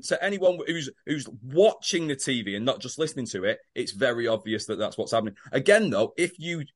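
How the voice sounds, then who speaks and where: A man's voice: mid-range voice, lively intonation, fairly quick. A man co-hosting a podcast, teasing and correcting his co-host in sweary casual chat.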